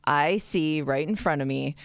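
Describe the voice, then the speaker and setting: A woman's voice: low voice, measured pace, clear, resonant tone, no echo. A woman co-hosting a radio show, telling a story in a chatty, casual way. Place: radio studio.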